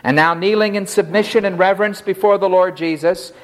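A man's voice: high-pitched, steady tone, a little fast. A man preaching an expository sermon with dramatic emphasis, acting out the pleas of the figures in the text. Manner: dramatic, voices the leper's pleas.

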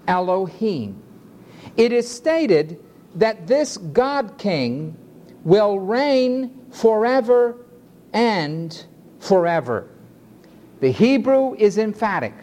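A male preacher delivering an emphatic sermon in a measured cadence, stretching his phrases out. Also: high voice, darkish tone, slight background noise.

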